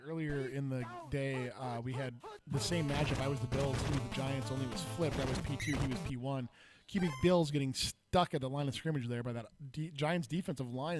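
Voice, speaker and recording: A man's voice: mid-range voice, fairly quick, over music. A man co-commentating a retro football game tournament, earnest and chatty in his analysis. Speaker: co-commentator and player.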